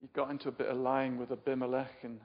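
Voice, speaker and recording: With a medium-pitched, level voice, this older English preacher talks fast through an informal sermon. He keeps asking his listeners things and teasing himself, while the muffled recording carries the echo of a reverberant hall.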